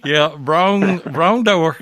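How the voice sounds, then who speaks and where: A man's voice: on the high side, very slow, a bit bright, dry recording. A man hosting a podcast, telling folksy stories in a casual chat and laughing through them. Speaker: podcast host.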